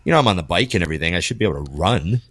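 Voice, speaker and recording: A man's voice: low-pitched, lively intonation, rapid-fire, a bit bright, breathy edge, dry recording. A man co-hosting a podcast, musing aloud in a hesitant way, full of fillers. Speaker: podcast co-host. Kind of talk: casual chat.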